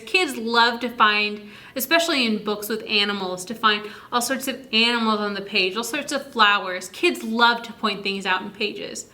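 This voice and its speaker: Presenting early literacy instruction for parents, she sounds bright and pushed, her pitch sitting on the high side. Her manner is that of an upbeat, supportive teacher who elongates words slowly to reveal each sound.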